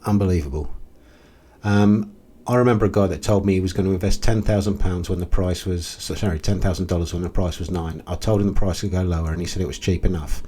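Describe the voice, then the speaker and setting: A man's voice: sits low, fairly even intonation, quick pace, mellow, slightly rough. A man hosting a casual commentary video, talking in a blunt, exasperated way with frequent ums and restarts. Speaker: crypto video host.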